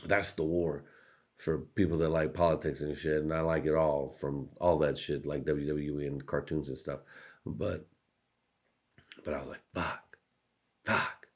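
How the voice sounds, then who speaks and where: A man's voice: very deep voice, fairly even intonation, unhurried, long pauses. A young man hosting a podcast, rambling through a profane, jokey monologue that keeps slipping into put-on voices. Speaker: podcast host. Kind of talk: casual comedic monologue.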